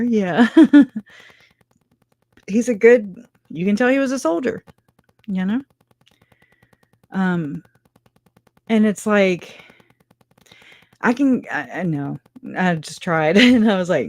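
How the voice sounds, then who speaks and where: A woman's voice: lowish voice, a little mellow, no echo. A middle-aged woman hosting a casual livestream, answering viewers in chat, chatty, with frequent laughs and restarts. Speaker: livestream host reading chat.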